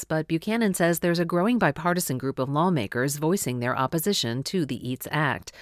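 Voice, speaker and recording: A woman news reporter reading a scripted news segment in a measured, formal newsreader delivery. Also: rumbling low, no room sound, studio quality.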